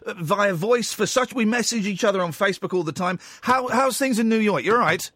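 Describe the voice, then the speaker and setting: A man hosting an evening radio show, chatting excitably, with quick laughs and restarts. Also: high-pitched, no echo. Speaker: radio host. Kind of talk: casual radio chat.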